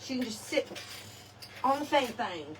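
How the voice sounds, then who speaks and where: This crafting vlogger has a high-leaning, very animated voice but speaks unhurriedly, chatting and laughing with her audience as she works live. A distant mic records faint ambience amid heavy background noise.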